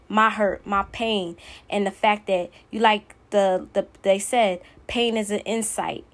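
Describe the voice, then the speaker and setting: A woman's voice: mid-range voice, a bit bright. Blunt, emphatic woman podcast host. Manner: blunt, emphatic, repeats her points. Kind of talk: motivational monologue.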